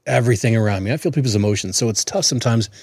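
A man's voice: medium pitch, rapid-fire, a little mellow, husky, no echo. A man in his forties co-hosting a podcast, chatting earnestly and often restarting his words. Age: 40s. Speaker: podcast co-host. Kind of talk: casual chat.

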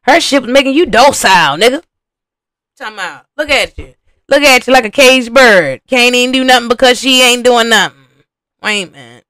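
A young woman reacts to reality TV in a loose, profane podcast commentary and calls out to her viewers as y'all. Her voice sits fairly high and swings up and down a lot as she gets worked up. The recording is close and dry, with no room sound. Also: lively intonation, fairly quick, a bit bright, dry recording.

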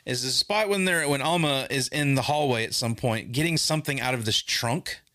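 A man's voice: mid-range voice, moderate pace, bright, forceful tone, no room sound, studio quality. A young man co-hosting a podcast who chats casually, recounting things with self-deprecating humor. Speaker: podcast co-host. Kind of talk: casual chat.

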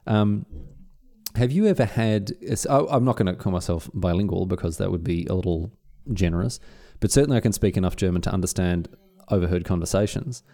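A man's voice: sits low, a little fast, dark tone. A man co-hosting a podcast, telling stories in a chatty way and slipping into mock voices. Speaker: podcast co-host. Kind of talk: casual chat. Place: Sunshine Coast, Queensland.

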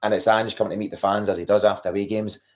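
A man hosts a relaxed podcast chat about football. He talks at a brisk clip in a fairly low voice and keeps the talk moving with questions. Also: a little hiss or hum. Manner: quick, animated, asks questions. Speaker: podcast host.

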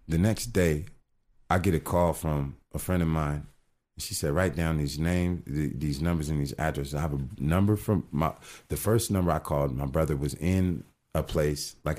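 Very deep-voiced man telling his testimony. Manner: earnest, animated storytelling with repeated restarts. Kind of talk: casual storytelling.

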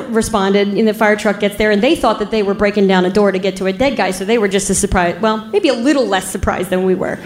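A woman, a police officer, telling a story in an unhurried, wry way and laughing at the grim parts. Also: mid-range voice, a little hiss or hum. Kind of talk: casual spoken storytelling. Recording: roomy echo.

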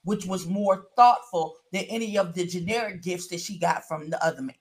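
A woman's voice: lowish voice, normal speed, a little mellow. Woman panelist acting out quotes. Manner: explains at length, acts out quoted lines, calls others beloved. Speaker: review panelist. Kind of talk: casual show recap chat.

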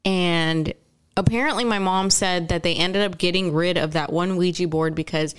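A woman's voice: lowish voice, fairly even intonation, moderate pace, smooth. A young adult woman telling a story in casual podcast chat, chatty and giggly, with lots of "like" and "y'all".

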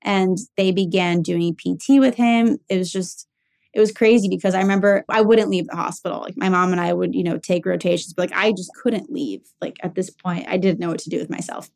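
A woman's voice: fairly low pitch, steady tone, fairly quick, gravelly, darkish tone. A young woman telling a personal caregiving story in a candid, casual way, full of fillers. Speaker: caregiver sharing her story.

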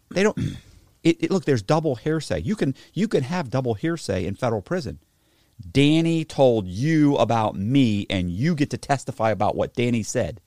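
A man telling a story in casual chat, profane and animated, acting out both sides of a conversation. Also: medium pitch, moderate pace, dry recording. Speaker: podcast host telling a story.

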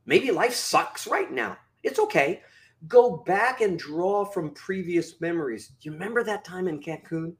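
A man talking as a podcast guest, with an animated, preacher-like delivery full of sudden drops and bursts. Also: high voice, a little slow. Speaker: guest speaker. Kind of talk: motivational podcast talk.

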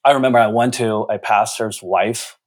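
A man's voice: on the low side, fairly even intonation, moderate pace. A man, giving earnest, reflective interview answers with frequent restarts. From China.

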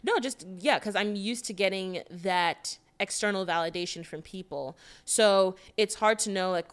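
A woman's voice: on the low side, clear, resonant tone. A young woman co-hosting a podcast, musing aloud in a casual, reflective way. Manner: reflective, thinks aloud in questions. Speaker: podcast co-host. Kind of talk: casual chat.

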